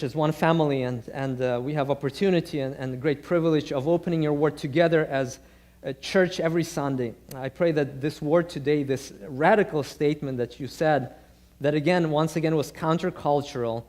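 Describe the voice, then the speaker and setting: A male pastor delivering a sermon in a conversational, storytelling way, often restarting his phrases. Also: on the high side.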